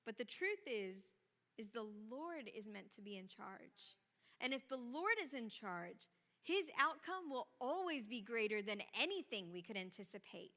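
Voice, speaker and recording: A woman preaching in a church auditorium, mixing scripture reading with chatty, lively storytelling. Her voice is bright and sits a little high, and a long hall reverb follows her words. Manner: lively storytelling, casual asides. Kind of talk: sermon.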